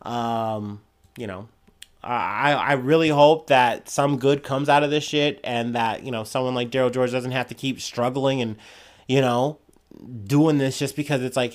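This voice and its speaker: A man's voice: medium pitch, unhurried. Heated, profane young man ranting. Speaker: podcast host. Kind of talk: casual solo commentary.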